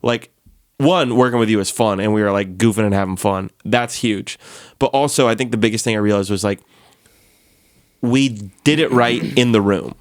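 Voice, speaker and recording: A man's voice: fairly low pitch, normal speed, no echo. A man hosting a casual studio chat, talking loosely with many fillers and frequent laughs. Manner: chatty, laughs often, lots of "like" fillers. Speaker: podcast host, musician.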